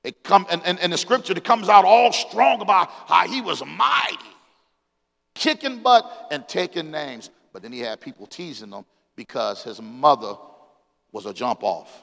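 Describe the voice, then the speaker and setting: A pastor in his forties preaches with a bright, forceful voice that sits a little high for a man. He calls out to the congregation, climbs to shouts, then drops low to read scripture. His voice rings through a church hall with a long reverb. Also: animated, moderate pace, vocal fry. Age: 40s. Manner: call-and-response preaching, rises to shouts, reads scripture aloud. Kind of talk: sermon.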